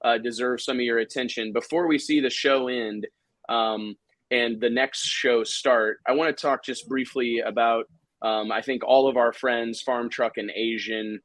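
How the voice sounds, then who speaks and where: A man's voice: mid-range voice, fairly even intonation, unhurried, fairly bright tone, no echo. A man hosting a live commentary chat, joking and rambling with lots of fillers. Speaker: host.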